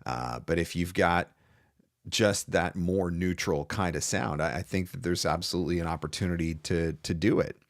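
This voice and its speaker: A man with a fairly low voice talks through a live advice stream, loose and conversational, often restarting his sentences. The sound is dry and close, with no room around it. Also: moderate pace, no room sound. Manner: chatty, loose, with fillers and restarts. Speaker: voice over business coach hosting a live Q&A.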